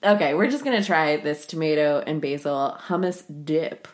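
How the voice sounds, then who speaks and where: Woman, podcast co-host, slightly low voice, wry and teasing in casual chat. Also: animated, normal speed.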